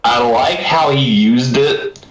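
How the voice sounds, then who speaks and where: A man's voice: mid-range voice, slow, soft background music. A man co-hosting a casual film review chat, retelling scenes and acting out the quotes. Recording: roomy echo.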